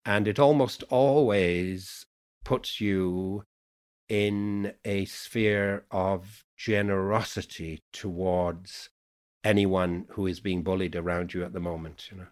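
A poet from Yorkshire in a reflective podcast conversation, speaking with a mixed Yorkshire, Irish and Americanized accent and musing unhurriedly, full of "you know"s. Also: male voice, sits low, fairly even intonation, takes it slowly. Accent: mixed Yorkshire, Irish and Americanized English. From Yorkshire, England. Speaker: poet guest.

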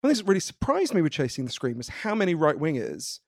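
A man from the United Kingdom, a guest author in an interview, explaining ideas in an animated, lively way. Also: fairly high pitch, fast, vocal fry, no room sound, clean studio sound. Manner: animated, explanatory, laughs easily. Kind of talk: conversational interview.

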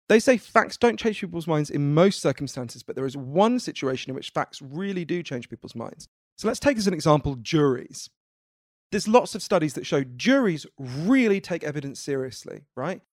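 A man from the United Kingdom, a guest author in an interview, explaining ideas in an animated, lively way. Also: fairly high pitch, dry recording, studio quality. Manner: animated, explanatory, laughs easily. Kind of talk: conversational interview.

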